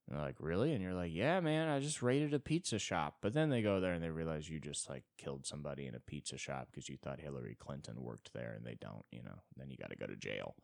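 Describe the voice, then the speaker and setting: A young man hosting a solo comedy podcast, rambling and self-deprecating, with sudden jumps into high-pitched bits. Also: no echo, studio quality. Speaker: podcast host.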